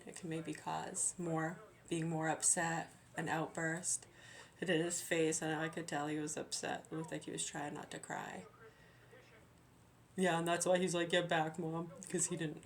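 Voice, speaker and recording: Low-voiced woman in a rambling rant. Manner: aggrieved, swearing, hesitant restarts. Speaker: mother venting. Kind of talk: rambling spoken monologue.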